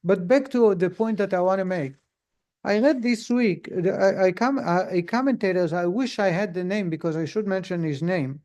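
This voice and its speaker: A middle-aged rabbi teaches a class in a relaxed, conversational way. His voice sits fairly high for a man. He weaves stories into the lesson and turns to his listeners with questions. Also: normal speed. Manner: storytelling, asks the audience questions.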